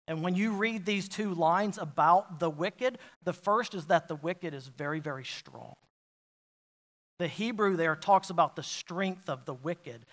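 Slow, high-voiced preaching man. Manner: swings from quiet, intimate asides to loud emphatic declarations; asks the congregation repeated rhetorical questions. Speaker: pastor. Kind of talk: sermon.

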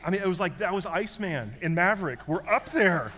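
A man, preaching a sermon and telling a story in an animated way, dropping to a hush and then rising loud. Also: sits high, fairly quick. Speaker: pastor.

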